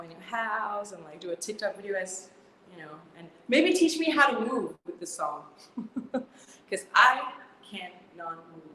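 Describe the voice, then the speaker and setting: A bubbly woman singer chats casually on a call, laughing often and restarting her phrases. Her voice is bright and forceful, and it rings around an echoey room with a long tail and faint ambience behind. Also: mid-range voice, a little hiss or hum. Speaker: singer, guest. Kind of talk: casual video-call chat.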